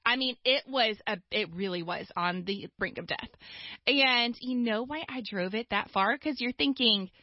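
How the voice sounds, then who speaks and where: Lively, fairly high-voiced woman storyteller. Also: no echo. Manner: lively storytelling with quick asides. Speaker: guest author. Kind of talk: casual conversation. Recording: dull dry studio sound.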